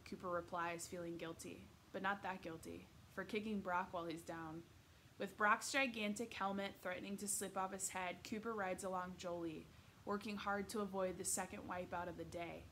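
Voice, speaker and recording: A woman reading a children's novel aloud in steady, expressive storytelling narration. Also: fairly low pitch, moderate pace, a little hiss or hum. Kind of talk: read-aloud book narration.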